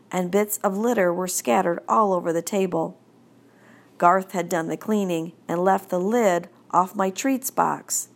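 A woman narrating a children's audiobook in a gentle, deliberate storytelling manner. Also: on the low side.

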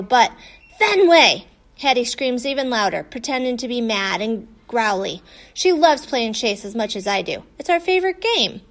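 A woman narrating a children's story in a lively way. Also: a little high. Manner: lively, voices the dogs' dialogue. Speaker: audiobook narrator.

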